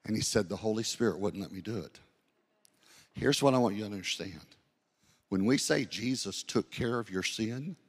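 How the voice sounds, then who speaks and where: A male pastor preaching a sermon, telling a story with quoted dialogue and slowing down to read scripture aloud. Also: lowish voice, breathy edge. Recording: long hall reverb.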